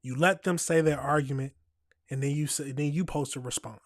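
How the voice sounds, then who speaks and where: A man's voice: a little high, fairly even intonation, fairly quick, no echo. Blunt male reaction-video host, dry sound. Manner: blunt, talks straight to viewers. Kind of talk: casual commentary on a clip. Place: home streaming setup. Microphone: USB desk microphone.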